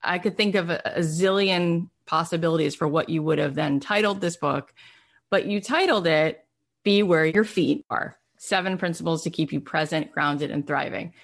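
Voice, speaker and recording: A woman's voice: sits low, moderate pace, gravelly. A woman hosting an interview, asking chatty, enthusiastic questions. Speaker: interview host. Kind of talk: casual interview.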